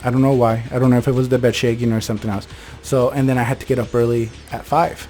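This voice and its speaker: A young man hosting a channel, casually telling ghost stories about his childhood home in a quick, rambling way full of fillers and self-corrections. He records in a bedroom at home. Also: medium pitch, level tone, mellow, soft background music. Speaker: host, storyteller.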